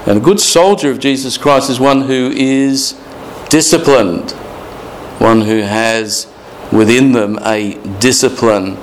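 A man preaching a morning sermon as pastor, reading scripture aloud with drawn-out, emphatic phrases. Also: mid-range voice, slight background noise, rough recording.

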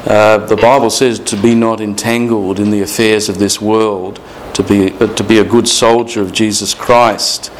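Man preaching a slow emphatic sermon. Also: fairly low pitch, level tone, slight background noise, poor audio. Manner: slow emphatic reading of scripture, drawn-out phrases. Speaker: pastor.

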